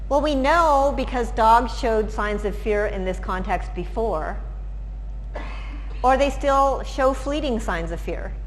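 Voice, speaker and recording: A woman lecturer with a slightly high, expressive voice speaks slowly during a presentation talk, explaining things conversationally with examples. The reverberant hall carries faint background noise.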